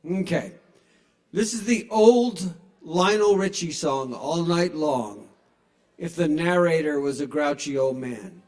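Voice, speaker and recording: A man works a small bar crowd through a stage microphone, playful and self-mocking. His voice sits high for a man. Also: expressive, slow pace, darkish tone. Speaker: stand-up comedian. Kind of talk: stand-up comedy set. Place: small bar at a live open mic. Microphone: handheld stage microphone.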